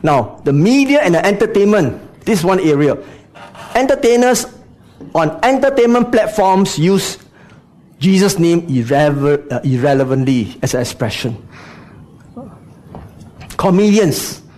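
A man's voice: a little high, expressive, unhurried, pauses often, a little mellow. A man preaching a sermon, speaking to the congregation with frequent rhetorical questions and "you know" asides.

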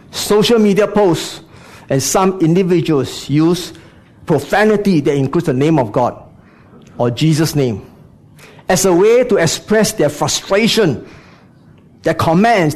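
A man preaching a sermon, speaking to the congregation with frequent rhetorical questions and "you know" asides. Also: on the high side.

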